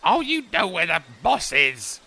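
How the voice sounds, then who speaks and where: A man voicing a very old, half-blind male gnome collector who mishears everything and talks in a high, cheeky squeak. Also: huge pitch swings, unhurried, creaky, bright, forceful tone, exaggerated voice. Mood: squeaky, cheeky.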